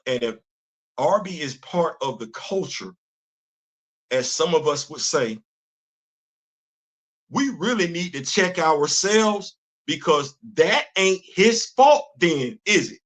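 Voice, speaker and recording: A man's voice: a little high, lively intonation, slow pace, pauses often, a bit bright. An older man hosting a livestream commentary show, talking with animation and repeating words as he starts sentences. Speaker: host.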